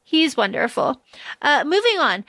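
A woman with a fairly high voice recaps a novel for her podcast in loose, chatty talk. She is blunt and swears now and then. The sound is close and dry, with no room echo. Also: sing-song, unhurried, a bit bright. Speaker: podcast co-host. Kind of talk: casual book-discussion chat.

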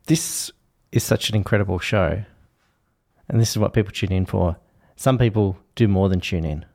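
A man's voice: low voice, normal speed, gravelly, a little mellow. An Australian man hosting a casual chat, steering the talk with playful prompts. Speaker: host.

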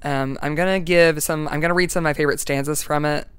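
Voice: medium pitch, steady tone, fast talker, fairly bright tone, smooth, no echo. A young adult student giving a casual class presentation and reading a poem aloud, chatty and full of "like" and "um".

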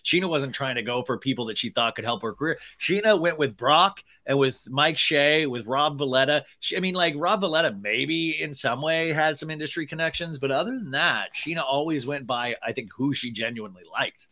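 A man chatting casually as a podcast guest, telling rambling, animated stories with many restarts. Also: on the high side, a little fast, few pauses. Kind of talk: casual chat.

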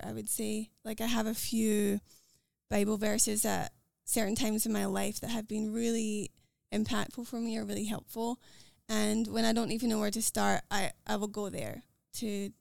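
An American woman with a Scottish-tinged accent, talking as a podcast guest in an earnest, quick way with fillers and restarts. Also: mid-range voice, level tone, vocal fry, darkish tone, no room sound, studio quality. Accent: American with a Scottish lilt. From United States. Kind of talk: casual conversational interview.

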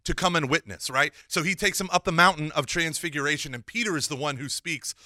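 A man giving a lively Catholic teaching talk, mixing casual slang with scripture and acting out the dialogue he retells. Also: a little high, fast talker, dry recording, studio quality. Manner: animated, acts out quoted dialogue.

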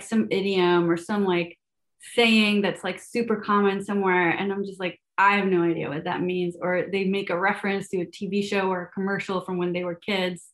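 Chatty young woman, Spanish speaker. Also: medium pitch. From Venezuela. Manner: chatty, many fillers and restarts, laughs often. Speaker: guest, math educator. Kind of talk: casual podcast interview.

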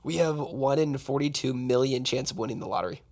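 A man co-hosting a casual conversation, talking with energy in quick excited bursts and laughing easily. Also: medium pitch. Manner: animated, energetic, fast bursts when excited; laughs and jokes.

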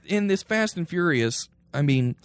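A young man co-hosting a casual political chat podcast, talking in animated, rambling bursts with restarts. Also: on the high side, a little slow, clear, resonant tone, no echo, studio quality. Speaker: podcast co-host.

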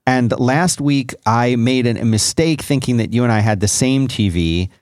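A man's voice: medium pitch, normal speed, a little mellow, no echo, studio quality. A man co-hosting a podcast, explaining gadgets in a rambling, self-correcting casual chat. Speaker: podcast co-host.

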